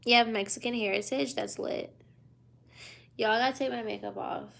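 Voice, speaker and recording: A woman's voice: fairly high pitch, steady tone, moderate pace, gravelly, fairly bright tone. A woman in her twenties from the United States, tired and yawning, chatting casually on a livestream from a hotel room at night. She reads viewer questions aloud and answers in a loose, slangy drawl. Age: 20s.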